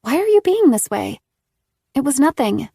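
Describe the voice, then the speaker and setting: A woman narrator voicing a nervous fifteen-year-old girl, talking in a shaky, pleading way with a slightly raised, gravelly voice. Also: high voice, sing-song, moderate pace, dark tone, dry recording, voice pushed up. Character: anxious teenage girl, fifteen.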